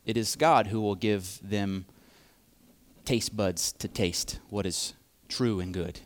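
A man preaching a sermon, speaking deliberately and repeating key phrases for emphasis. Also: on the low side.

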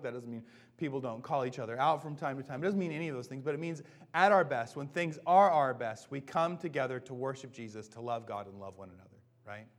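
Man preaching a casual, chatty sermon. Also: mid-range voice. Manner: casual, self-deprecating, often asks "right?". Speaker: pastor. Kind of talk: conversational sermon.

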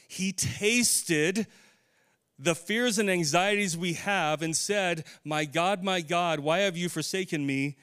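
A man preaching a sermon in a church, earnest, slowing and softening into prayer. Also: fairly high pitch, clean tone. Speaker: pastor.

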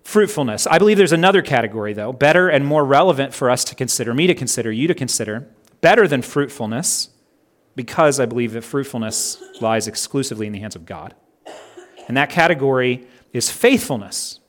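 A pastor preaching a sermon in an earnest way, slowing down and stressing each item when he reads out a list. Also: medium pitch, animated. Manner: earnest, slows down and stresses items in lists.

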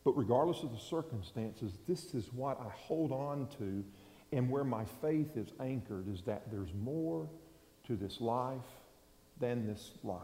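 A man preaching a sermon as pastor, telling a story in a folksy, conversational way that swings from loud to quiet. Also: medium pitch, lively intonation, unhurried. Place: large church hall. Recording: echoey hall, long reverb.

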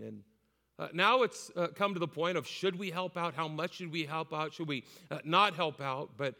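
A pastor with an unusually high, bright, forceful voice preaches with passion, repeating phrases and filling pauses with "uh". His voice rings with long reverb from a church hall. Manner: impassioned preaching, frequent "uh" fillers and repetitions. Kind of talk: sermon.

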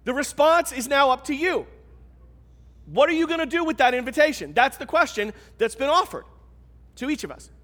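A man's voice: very high-pitched, expressive, moderate pace, fairly bright tone. A man pastor preaching a sermon in a church, in a conversational, emphatic way. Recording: long reverb of a large hall.

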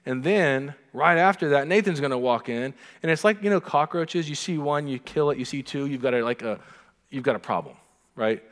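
A middle-aged man preaching a sermon as pastor, animated, acting out the lines he quotes. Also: fairly high pitch, normal speed. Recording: long reverb of a hall.

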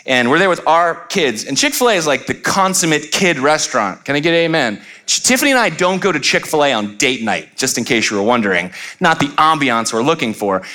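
A man's voice: medium pitch, a bit bright. Joking pastor in his thirties. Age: 30s. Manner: storytelling with jokes and asides to the congregation. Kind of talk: humorous sermon. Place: church sanctuary.

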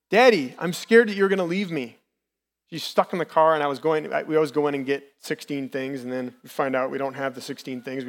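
A man in his thirties preaching a sermon in a candid, personal, conversational way as a lay preacher. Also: on the high side. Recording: long reverb from the hall.

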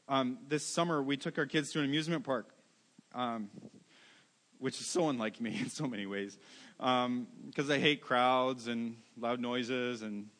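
A man's voice: on the high side, a bit bright. A middle-aged male pastor preaching a sermon, emphatic, repeating key words, with self-mocking asides.

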